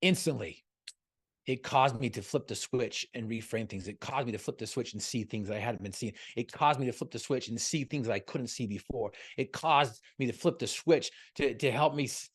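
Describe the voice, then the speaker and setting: A man's voice: mid-range voice, normal speed, breathy edge. A man giving a motivational talk over a video call, telling a story and firing off repeated rhetorical questions. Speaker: motivational speaker guest.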